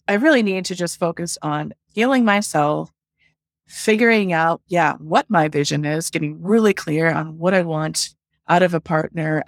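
Chatty woman with a lowish voice. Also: dry recording, clean studio sound. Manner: chatty, fills speech with "like", acts out her own past thoughts. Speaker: love coach. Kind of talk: casual storytelling in a podcast interview.

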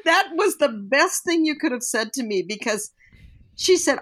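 A woman's voice: sits high, animated, normal speed, a bit bright. Older lady on a podcast telling parenting stories, thoughtful, does little voices for quotes. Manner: reflective storyteller, acts out quoted voices. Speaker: parenting guest. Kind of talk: podcast conversation.

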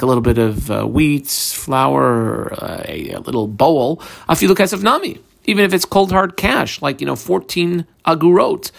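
A man's voice: medium pitch, creaky. A man teaching a Talmud class, methodically walking through the page line by line and quoting the Aramaic text.

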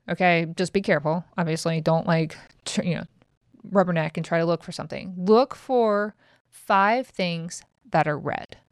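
A woman's voice: lowish voice, smooth, no echo, studio quality. A middle-aged woman who hosts a podcast, talking frankly and casually and swearing now and then. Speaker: podcast host. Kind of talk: casual motivational chat.

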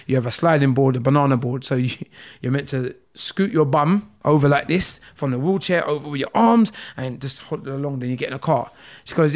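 A man with a London accent, a guest telling a personal story with feeling, acting out the dialogue in a lively way. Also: medium pitch, brisk, few pauses. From England. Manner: animated, acts out dialogue with rising voice.

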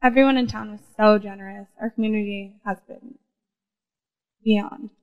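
A woman's voice: mid-range voice, fairly even intonation, moderate pace. A woman guest on a talk show, answering in an easygoing, casual way. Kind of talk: casual interview chat. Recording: dull lo-fi sound.

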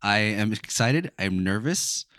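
A man with a lowish voice who chats eagerly and giggles between his remarks. The recording is dry and close. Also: lively intonation, unhurried, a bit bright, no room sound. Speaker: podcast guest. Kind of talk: casual podcast chat.

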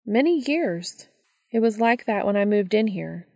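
A woman's voice: medium pitch, expressive, unhurried, dark tone, no echo, studio quality, in a large hall, pitched above the performer's own voice. A woman voicing a curt, haughty female fairy who poses as a prickly old neighbor, in a storybook reading. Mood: impatient.

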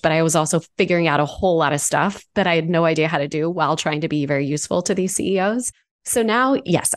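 Low-voiced woman in her forties, articulate consultant in an interview, laughs now and then. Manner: articulate, animated, laughs easily. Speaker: guest, executive consultant. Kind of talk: conversational interview answers.

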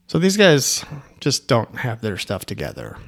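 A man's voice: medium pitch, huge pitch swings, a little slow, creaky. A man who owns an agency, telling a story in a casual, rambling way with asides and restarts. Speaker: agency owner.

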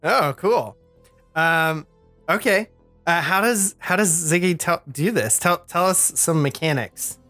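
A man's voice: high voice, expressive, unhurried, sharp tone, no echo, faint music behind. Guy running a tabletop game, rambly, lots of like and you know. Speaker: game master.

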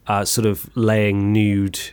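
A man's voice: lowish voice, completely flat delivery, slow, darkish tone, clear, resonant tone. Man telling a rambling story. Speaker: podcast host. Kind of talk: casual chat.

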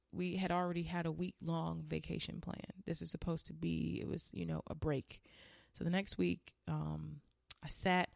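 A woman in her thirties talks through a personal story on her podcast, candid and chatty, speaking right to her listeners. Her voice sits low with a gravelly edge. The sound is close and dry. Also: darkish tone, no echo. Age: 30s. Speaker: podcast host. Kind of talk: personal reflective monologue.

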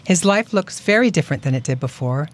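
A woman's voice: low-pitched, animated, fairly quick. Bubbly woman co-hosting a podcast. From Illinois. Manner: bubbly, affirming, reads guest bio. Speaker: podcast co-host. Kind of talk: casual interview chat.

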